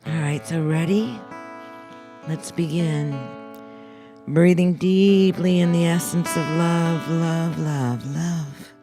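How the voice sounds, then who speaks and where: Woman, guided breathing meditation, sing-song chanting, gravelly edge, guitar music behind. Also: deep voice, steady tone, slow. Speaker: co-host leading a breathing meditation.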